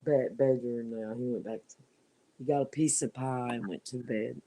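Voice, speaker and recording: A middle-aged woman chats casually from her home while working on a craft. Her voice is warm and mellow, and she talks in an easygoing way, often laughing. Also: rumbling low, a little fast, a little hiss or hum, rough recording. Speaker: live stream guest.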